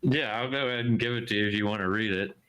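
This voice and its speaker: A man narrating a tabletop game as game master, describing scenes in an unhurried, laid-back way. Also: on the low side, over a noisy crowd, poor audio.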